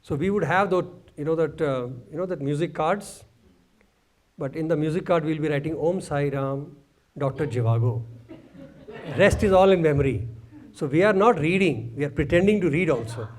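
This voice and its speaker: A man telling a lively personal story in a talk, acting out sounds and laughing along. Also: on the high side, a little fast. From India. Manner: animated, mimics sounds, laughs while telling. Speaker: speaker.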